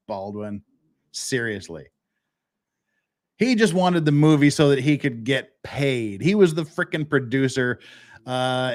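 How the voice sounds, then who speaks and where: A man hosting a live-stream legal commentary show, ranting in a profane, sarcastic and exasperated way. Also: mid-range voice.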